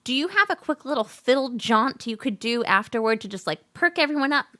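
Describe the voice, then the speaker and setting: A woman with a high, bright, ringing voice chats casually between songs. Her pitch swings widely and she laughs easily. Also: expressive. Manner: chatty, quick to laugh. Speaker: singer-songwriter.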